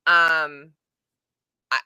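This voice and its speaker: A woman co-hosting a casual chat show from home, chatty and quick to laugh, often trailing off mid-thought. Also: sits low, level tone, bright, forceful tone, clear, resonant tone, no room sound. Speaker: podcast co-host. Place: home room.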